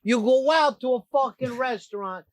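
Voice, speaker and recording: A man's voice: extremely high pitch, moderate pace, no echo. Blunt, mocking male radio host. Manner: blunt, mocking, acts out quotes loudly. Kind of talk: profane radio banter.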